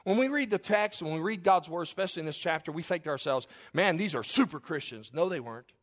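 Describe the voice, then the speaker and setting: A man preaching a sermon in a lively, conversational way, with humorous asides and acting out the figures in the story. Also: fairly high pitch, quick pace.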